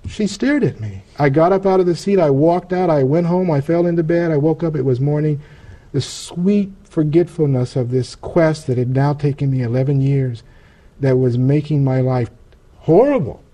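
Male interview guest, earnest testimony, halting with restarts, mellow tone, a bit high. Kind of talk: personal testimony storytelling.

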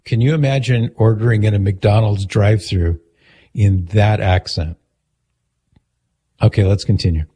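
A man's voice: on the low side, steady tone, a little slow, pauses often, mellow, slightly rough. A male radio talk show host, bantering and teasing his co-host in a jokey way.

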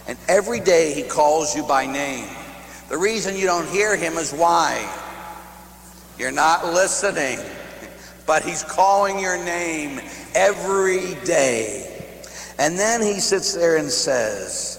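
A man's voice: sits high, animated, normal speed, fairly bright tone. A man who is a priest, preaching in a conversational storytelling way with self-mocking humor. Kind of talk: storytelling sermon. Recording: echoey hall with faint hum.

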